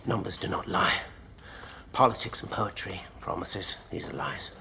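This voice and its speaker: A man's voice: sits low, moderate pace, gravelly, sharp tone, full character voice. An actor playing an intense male scientist who speaks solemnly, heard in a film clip with crowd noise behind him.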